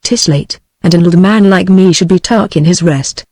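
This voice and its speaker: A synthetic woman's voice with a British accent, reading the lines of a kindly, brisk old male priest in a text-to-speech audiobook. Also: lowish voice, a little mellow, no echo, lightly acted. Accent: British English.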